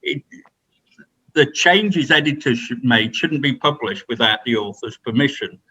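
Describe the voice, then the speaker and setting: A man's voice: mid-range voice, animated, a little slow, sharp tone, slightly rough, poor audio. A man giving an unscripted training talk to colleagues, rambling with many restarts and fillers. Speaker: presenter at staff training.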